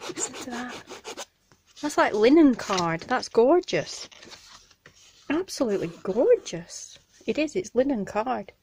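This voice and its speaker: A woman's voice: fairly high pitch, big pitch swings, measured pace, a little mellow, slight background noise. Chatty Northern English woman unboxing crafts. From Northern England. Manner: gushing, chatty, apologetic asides. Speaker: craft channel host. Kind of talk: casual unboxing vlog. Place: home craft room, indoors. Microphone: camera on a tripod.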